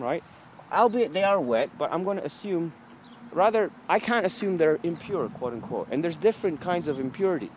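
A man, ranting to the camera in a rambling, profane, casual way while outdoors in a city. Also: a little high. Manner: profane, rambling, lively delivery. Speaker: vlogger. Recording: street noise behind.

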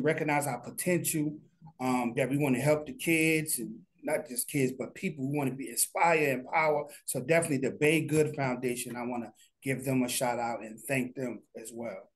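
A man being interviewed as a guest, talking casually and heartfelt, often restarting his sentences. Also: a little high. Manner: earnest, heartfelt, rambling with restarts. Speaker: studio founder, guest.

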